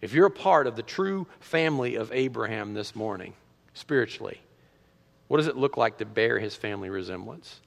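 A middle-aged man pastor preaching a sermon in a church, animated, full of rhetorical questions and restarts. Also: mid-range voice, a little fast, gravelly, in a large hall. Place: church sanctuary.

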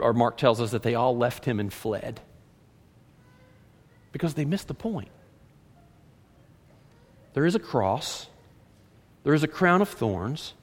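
A man preaching a sermon as pastor, reading scripture aloud and swinging from loud emphasis to hushed lines. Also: medium pitch. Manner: animated preaching, reads scripture aloud, rises and drops dramatically. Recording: long hall reverb.

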